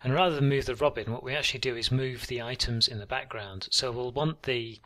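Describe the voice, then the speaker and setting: A man walking through a coding tutorial on screen, relaxed and thinking aloud with frequent ums. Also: mid-range voice, brisk. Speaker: programming tutor.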